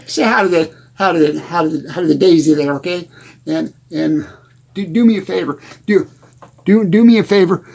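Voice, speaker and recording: A rambling, stammering country bumpkin, played by a man, tells folksy small-town tales in a comedy monologue. His voice sits high and keeps repeating and restarting words. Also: creaky, a little mellow, breathy edge, heavily acted. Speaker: comedy character host.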